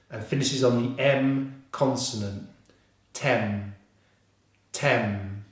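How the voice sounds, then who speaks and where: A man with a British accent teaching English pronunciation, slowly repeating each sound and encouraging his learners. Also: medium pitch. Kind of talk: pronunciation lesson. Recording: very echoey room.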